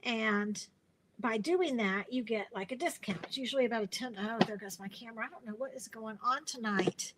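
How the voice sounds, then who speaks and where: A woman's voice: on the high side, moderate pace, noisy background. A woman hosting a casual craft live stream, chatty and rambling, with lots of fillers and restarts, and she sounds tired.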